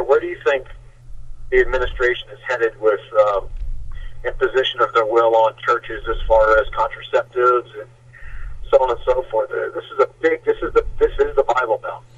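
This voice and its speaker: A man's voice: medium pitch, normal speed, a bit bright, no room sound, recorded from a distance. A man calling in to a talk radio show, speaking hesitantly with fillers and restarts. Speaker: caller. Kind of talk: call-in phone conversation. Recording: muffled phone line.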